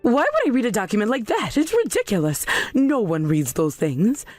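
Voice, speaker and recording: A woman plays an indignant middle-aged mother in a storybook drama, defensive and quick to shift blame. Her voice sits a little high and swings widely, recorded dry and close. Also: sing-song, darkish tone, dry recording, faint music behind. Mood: outraged.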